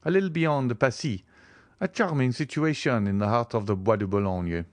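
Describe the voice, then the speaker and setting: A man's voice: medium pitch, normal speed, no echo, natural voice. Man voicing a chatty provincial notary. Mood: polite, eager. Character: plain, fee-minded provincial male notary.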